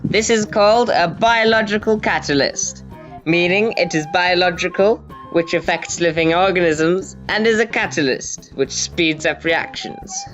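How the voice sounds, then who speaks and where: A man voicing a gruff, rude male teacher who lectures curtly and hurls insults. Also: big pitch swings, measured pace, a bit bright, full character voice. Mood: lecturing. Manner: deep, curt, insulting, lecturing. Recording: dull lo-fi audio with faint music.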